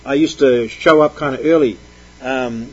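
A man's voice: mid-range voice, normal speed, a little mellow, breathy edge, dull audio. A man preaching a sermon, reading scripture aloud and explaining it with emphatic stresses.

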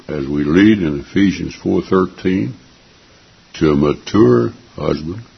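Gravelly deep-voiced preacher man. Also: highs cut off. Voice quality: gravelly, raspy. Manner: earnest, emphatic, repeats phrases for emphasis. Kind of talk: sermon.

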